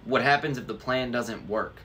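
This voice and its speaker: Man doing Annabeth, a soft, earnest teenage girl. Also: mid-range voice, normal speed, slight background noise. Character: level-headed teenage girl.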